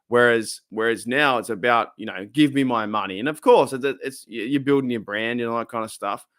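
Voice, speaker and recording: A man with an Australian accent and a slightly bright, mid-range voice hosts a casual live stream, talking a little fast. He rambles chattily, reads out chat and laughs often, in clean studio sound with no echo.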